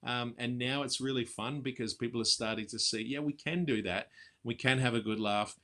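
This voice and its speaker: Man, impersonator guest, bright crisp voice, casual chatty, video call. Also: mid-range voice, steady tone. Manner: chatty, quick laughs, drops into voices. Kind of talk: casual interview chat.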